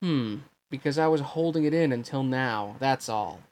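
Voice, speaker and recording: A man's voice: medium pitch, moderate pace, a little mellow, natural voice. A resentful teenage swordsman in a storybook reading, cold and taunting, his words edged with bitterness, as a man reads him. The voice stays close to a plain adult male reading voice. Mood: bitter, taunting.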